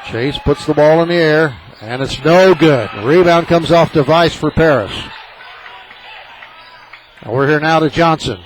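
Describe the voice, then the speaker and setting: A man calls a high school basketball game for a small local radio station, rooting openly for his team. His voice sits a little high and leaps up when the action heats up. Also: a little slow, a little hiss or hum, rough recording. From southern Illinois. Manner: partisan, excitable, rises sharply on big plays. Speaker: play-by-play announcer.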